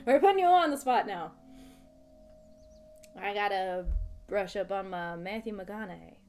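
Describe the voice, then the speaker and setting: A woman's voice: mid-range voice, unhurried, darkish tone, faint music behind. A woman livestreaming a game, chatting playfully with her viewers and laughing often. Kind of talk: casual let's-play chat.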